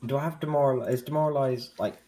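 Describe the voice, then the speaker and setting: A male tabletop player with a mid-range voice. He speaks haltingly and thinks out loud, breaking off and restarting his questions. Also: medium pitch, fairly even intonation. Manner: hesitant, searching aloud for words. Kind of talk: casual tabletop play.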